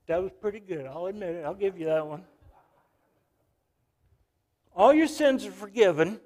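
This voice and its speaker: A man's voice: high-pitched, lively intonation, normal speed, darkish tone. A male pastor preaching a sermon, telling a story and calling out to the congregation.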